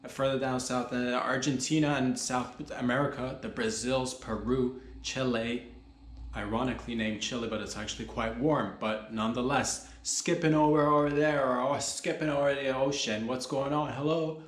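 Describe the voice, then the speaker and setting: A man's voice: mid-range voice, steady tone, moderate pace. A man hosting a solo comedy podcast, rambling loosely, joking and swearing as he goes. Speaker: podcast host. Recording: echoey room.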